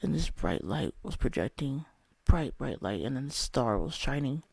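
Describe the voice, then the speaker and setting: A man's voice: medium pitch, sing-song, normal speed, gravelly, breathy edge, dry recording. A young man telling a candid, rambling personal story about a spiritual experience, swearing often. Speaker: vlogger.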